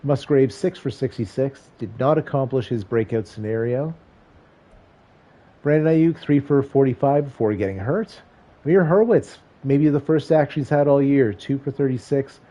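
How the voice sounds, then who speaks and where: Male streamer, mid-range mellow voice, wry play-by-play over a football video game. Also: medium pitch, normal speed, highs cut off. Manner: wry, joking asides between stat rundowns.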